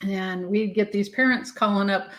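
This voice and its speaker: A woman guest in a casual chat, telling animated anecdotes and mimicking the people in them. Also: medium pitch, normal speed.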